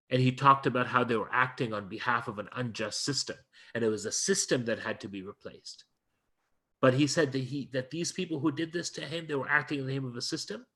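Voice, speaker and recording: A man's voice: on the high side, normal speed, sharp tone. A male guest lecturer in an interview, retelling a story earnestly and emphatically, often restarting his phrases.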